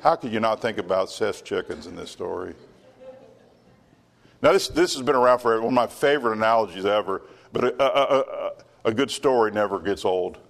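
A man's voice: fairly low pitch, lively intonation, brisk, creaky. A male pastor preaching a sermon, emphatic, with many rhetorical questions and stammered restarts.

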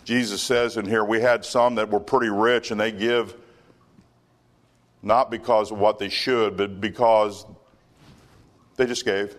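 A man's voice: fairly low pitch, level tone, unhurried, pauses often. A male pastor preaching a sermon, emphatic, with many rhetorical questions and stammered restarts.

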